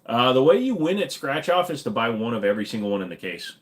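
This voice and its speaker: A man's voice: mid-range voice, big pitch swings, fast. A man with a slight Minnesota accent, hosting a casual live Q&A stream, tired and wisecracking, swearing offhandedly. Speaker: livestream host.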